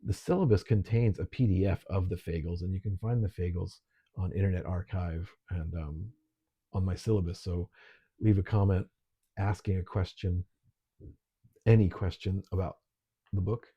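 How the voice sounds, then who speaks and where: A middle-aged man teaching an online literature lesson, relaxed and conversational, with frequent ums. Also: deep voice, moderate pace, breathy edge, lo-fi sound.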